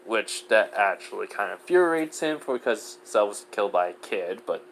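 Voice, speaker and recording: A man's voice: on the low side, lively intonation, moderate pace, gravelly, slight background noise. A man narrating an improvised fan story in a rambling way, full of fillers.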